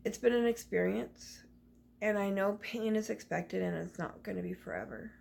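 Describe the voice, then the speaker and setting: A woman's voice: mid-range voice, normal speed, vocal fry, a little mellow. A woman vlogger speaking into her phone camera, telling a personal story in a rambling, confiding way with many restarts.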